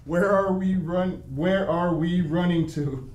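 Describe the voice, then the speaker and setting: A man's voice: sits high, slow, darkish tone. A man playing a reluctant, sarcastic recruit in an improv scene who whines and talks back. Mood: flustered. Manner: whiny, talking back. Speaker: improv performer. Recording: echoey room with background noise.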